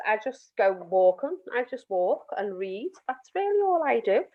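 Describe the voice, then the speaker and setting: A middle-aged woman counsellor talks openly and a little emotionally, rambling and restarting her sentences. Her voice sits somewhat high. The sound is muffled, as over a video call. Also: sing-song, moderate pace. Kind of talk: casual group discussion on a video call. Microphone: video call, camera off.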